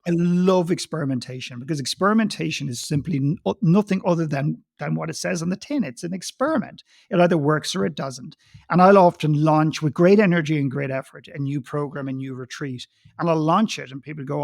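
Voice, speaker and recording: A man's voice: fairly high pitch, brisk, creaky, no echo, clean studio sound. A man speaking as a guest coach on a podcast, talking emphatically and telling stories with acted-out quotes. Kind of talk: conversational podcast interview.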